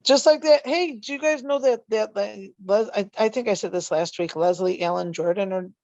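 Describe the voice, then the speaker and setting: A woman's voice: mid-range voice, normal speed, a little mellow, no room sound, lo-fi sound. A woman co-hosting a casual group chat on a video call, blunt and teasing and swearing freely. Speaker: podcast co-host.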